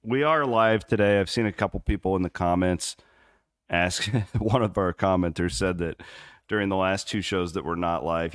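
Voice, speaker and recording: A man's voice: low voice, clean tone, no echo, clean studio sound. A man from Southwest Iowa co-hosting a live sports podcast, rambling through casual chat with lots of fillers. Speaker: podcast co-host. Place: on the road in Memphis.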